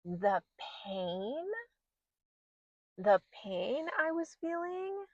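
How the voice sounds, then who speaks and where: A woman's voice: fairly high pitch, very animated, very slow, no echo, lo-fi sound. A woman in her thirties hosting a podcast, telling a personal story in a candid, emotional way. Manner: candid, emotional, re-enacts her own past words. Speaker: podcast host.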